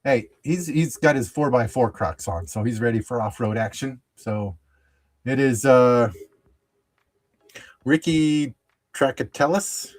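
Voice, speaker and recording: A middle-aged man hosting a sports card show, chatting casually while opening packs, chuckling often and trailing off into fillers. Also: mid-range voice. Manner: chuckles often, easily amused; halting, lots of fillers and restarts. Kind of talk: casual pack-opening chat.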